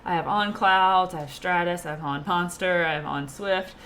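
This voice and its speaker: Chatty enthusiastic woman, slightly low voice. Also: steady tone, normal speed, a bit bright, slight background noise. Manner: chatty, enthusiastic, laughs easily. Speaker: podcast guest, teacher and runner. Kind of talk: casual chat.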